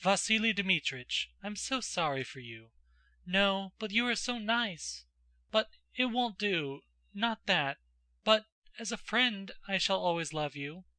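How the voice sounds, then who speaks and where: A man voicing an excited, indignant teenage noble girl in a classic audiobook, pleading and breathless. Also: high voice, slow, no echo, pitched above the performer's own voice, heavily acted. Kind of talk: audiobook character voice.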